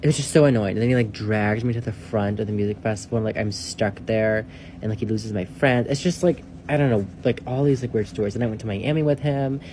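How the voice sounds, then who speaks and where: A man telling a casual storytime, rambling and swearing, leaning on "like" and dropping into hushed asides. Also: lowish voice, quick pace, a little hiss or hum. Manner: rambling, profane, heavy use of "like"; drops to a hushed whisper for asides.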